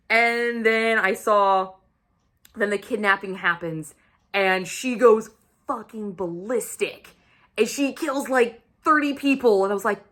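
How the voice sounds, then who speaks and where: A woman book vlogger giving a casual weekly reading update, excitable and gushing, swearing freely as she talks. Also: mid-range voice, measured pace.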